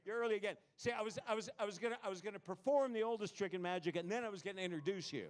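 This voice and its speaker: A man's voice: sits high, rapid-fire. A man performing a comedy magic act on a live stage, full of puns and self-mocking jokes. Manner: punning, self-mocking, jokey.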